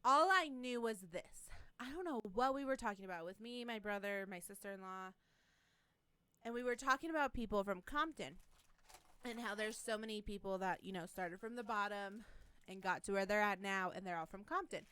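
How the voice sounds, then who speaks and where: Her medium-pitched voice has a clean tone at a moderate pace, and the recording is dry. She's a young adult woman co-hosting a casual chat while the group watches TV, telling animated stories punctuated by laughs and swearing.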